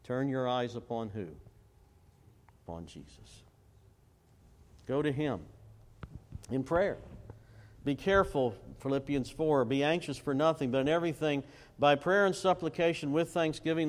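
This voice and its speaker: A man's voice: medium pitch, expressive. A man preaching a sermon, quoting scripture and repeatedly asking the congregation to fill in words. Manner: call-and-response questions to the congregation; quotes scripture and recites hymn lyrics slowly. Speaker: pastor.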